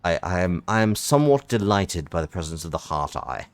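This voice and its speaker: A man with a low, very animated voice talks fairly quickly into a close desk microphone with no room sound. He streams a game, reading its text aloud and chatting wryly, and he keeps interrupting himself in this casual live commentary.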